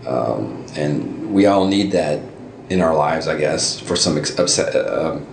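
A middle-aged man casually telling stories as an interview guest, with animated jumps into high voices for quoted reactions. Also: a little slow, gravelly. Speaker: interview guest, costume hobbyist. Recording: roomy with faint ambient noise.

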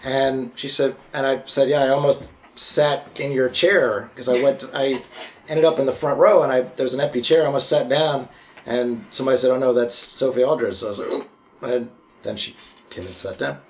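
A man on a podcast, casually telling convention anecdotes in a relaxed, rambling way. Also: medium pitch, moderate pace. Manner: anecdotal, relaxed storytelling with fillers. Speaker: podcast co-host. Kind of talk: casual convention recap chat.

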